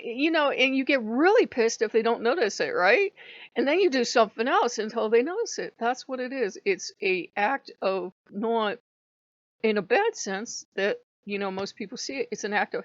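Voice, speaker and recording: A woman's voice: a little high, big pitch swings, fairly quick, no echo. Chatty irreverent woman, dry lo-fi sound. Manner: irreverent, chatty, acts out quoted speech. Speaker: host of a pagan spirituality channel. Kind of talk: casual spiritual monologue.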